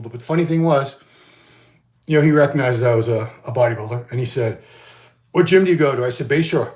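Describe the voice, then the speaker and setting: Man in his fifties, mid-pitched, loose conversational solo chat full of fillers. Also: a little mellow. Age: 50s. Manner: rambling, conversational, frequent fillers and restarts. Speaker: bodybuilding magazine host. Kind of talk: casual solo vlog chat.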